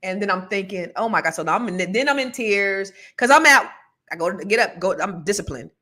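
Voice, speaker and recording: A woman in her forties talking earnestly and reflectively on a podcast, telling animated stories about raising her kids. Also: medium pitch, a little fast. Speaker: podcast co-host. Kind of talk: casual podcast conversation.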